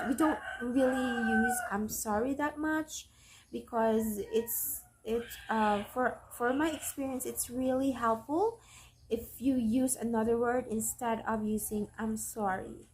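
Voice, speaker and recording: A woman with a Filipino accent talks in a relaxed, conversational way, with a voice a little higher than most. She often circles back and restates her phrases as she works through an explanation. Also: slight background noise. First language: Tagalog. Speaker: vlogger. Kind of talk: casual explanation to camera.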